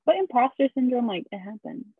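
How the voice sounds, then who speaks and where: A woman's voice: fairly high pitch, big pitch swings, a little fast, breathy edge, no echo, narrow, tinny audio. A woman co-hosting a podcast, chatting casually in a reflective, encouraging way. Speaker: podcast co-host. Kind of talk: casual chat.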